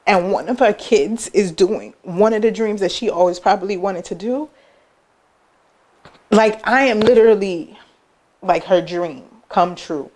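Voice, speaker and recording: A woman who owns a business, speaking at a medium pitch and an unhurried pace, shares personal stories in an interview. She's loose and chatty, animatedly acting out her relatives' words in quoted voices, with plenty of "like" and "um" in her casual phrasing.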